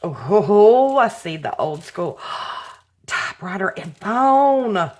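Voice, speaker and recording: Excitable gushing woman with a lively voice. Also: mid-range voice, slow pace. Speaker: craft channel host. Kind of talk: casual unboxing chat.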